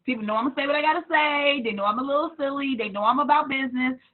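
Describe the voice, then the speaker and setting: A woman business coach giving a blunt, animated motivational talk on selling through social media, sometimes hollering with laughter. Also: high-pitched, racing. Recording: tinny phone-like sound.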